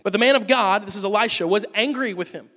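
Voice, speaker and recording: A man preaching a sermon, telling the story in an animated way and acting out the quotes. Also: sits high, fast, in a large hall.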